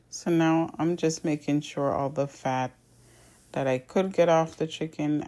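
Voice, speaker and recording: Her voice sits low and sounds a little mellow. Hosting her own cooking channel, this home cook walks through every step in a chatty voice-over, recorded separately from the video, and tends to begin lines with "so now."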